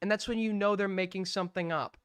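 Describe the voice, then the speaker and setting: A man's voice: high voice, fairly even intonation, fast talker, a bit bright, smooth, no room sound, studio quality. A man hosting a live stream, arguing bluntly and swearing as he defends his calls. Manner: blunt, argumentative, swears freely. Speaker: streamer host. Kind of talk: heated live-stream commentary.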